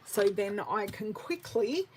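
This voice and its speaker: A woman in her forties with an Australian accent, chatting through a live card-making class, answering viewers by name and muttering softly to herself as she works. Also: medium pitch, expressive, slow, slight background noise, poor audio. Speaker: craft demonstrator.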